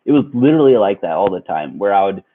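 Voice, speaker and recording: A man's voice: lowish voice, sing-song, quick pace. A man in his twenties telling a personal story in a rambling way, with lots of fillers and laughs. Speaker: vlogger. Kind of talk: storytime vlog. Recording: tinny phone-like sound.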